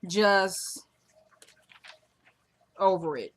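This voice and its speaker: A woman's voice: on the low side, lively intonation, extremely slow. A woman casually recapping a TV episode, chatting and acting out the characters' lines as she goes. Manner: chatty, acts out quotes of the characters. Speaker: TV show recapper.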